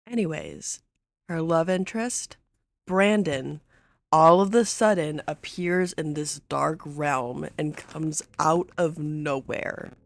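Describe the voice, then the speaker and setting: Woman vlogger, deep for her sex, unhurried, casual and chatty, faint music behind. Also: gravelly. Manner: chatty and rambling, full of "like", with laughs and swearing. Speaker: vlogger recapping a horror series. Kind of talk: casual chat.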